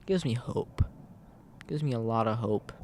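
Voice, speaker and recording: A man's voice: medium pitch, measured pace, a little mellow, a little hiss or hum. Earnest rambling young-sounding man vlogging. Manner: earnest, rambling, repeats himself. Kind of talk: casual motivational vlog talk. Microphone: camera mic.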